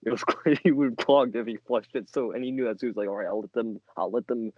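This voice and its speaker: A man's voice: medium pitch, steady tone, fast, warm tone, dry recording. A young man hosting a podcast, telling a crude story in a rambling, laughing way. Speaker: podcast co-host. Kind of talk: casual storytelling chat. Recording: dull lo-fi mic.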